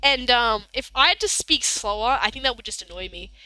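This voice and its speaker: An Australian woman streamer chatting casually on stream, talking fast and laughing often. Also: a little high, expressive, bright, forceful tone, dry recording. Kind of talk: casual livestream chat.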